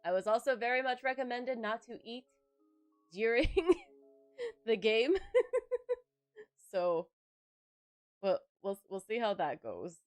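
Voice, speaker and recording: Animated young woman streamer telling stories. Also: on the high side, slow, pauses often, soft background music. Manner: animated storyteller who laughs and acts out quotes. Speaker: game streamer. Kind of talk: casual live-stream chat.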